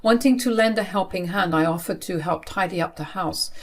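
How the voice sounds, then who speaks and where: A woman in her twenties telling her own life story in the first person, in a steady, earnest way. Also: on the low side, fairly quick. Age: 20s.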